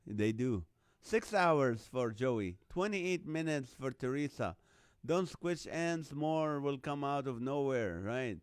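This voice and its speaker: A man from the Middle East hosts a relaxed live stream, joking and chuckling as he reads out viewer names and guesses. His voice is smooth and resonant, and the sound is close and dry with no room around it. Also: medium pitch, slow pace, no room sound. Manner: jokey, laughs often, chuckling while reading names and numbers. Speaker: host of a live online show. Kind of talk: casual live-stream chat reading viewer comments.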